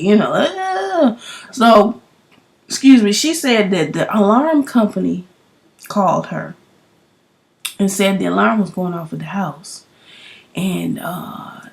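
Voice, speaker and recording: A woman vlogger telling a story to the camera in a casual, emotional way, with sudden loud outbursts. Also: on the low side, creaky.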